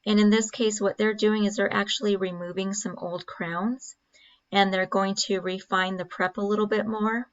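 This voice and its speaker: A woman's voice: medium pitch, little pitch movement, normal speed, dull audio. A woman narrating a dental procedure video as an instructor, explaining steps with frequent fillers.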